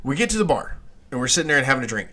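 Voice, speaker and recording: A man co-hosting a casual comedy podcast, telling a story in an animated way, laughing often and acting out the people in it. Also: mid-range voice, racing. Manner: animated, laughs often, acts out voices in his stories. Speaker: podcast co-host.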